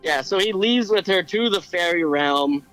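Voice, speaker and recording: Male podcast co-host, bright and slightly high, casual storyteller who stumbles over names. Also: lively intonation, moderate pace, faint music behind, low-quality recording. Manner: retells legends with many fillers and restarts. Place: airborne helicopter.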